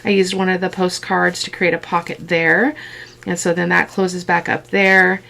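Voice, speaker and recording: A woman's voice: fairly low pitch, flat delivery, moderate pace, vocal fry, sharp tone. A woman hosting a casual crafting video, chatting fondly about tiny details as she shows her work at a desk. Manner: chatty, fond of tiny details, thinks aloud.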